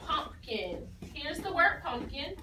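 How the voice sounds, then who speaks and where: A woman's voice: high voice, expressive, moderate pace, background noise. A woman teacher leading a phonics lesson, patiently asking questions and repeating the pupils' answers. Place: classroom. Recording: echoey classroom from far off.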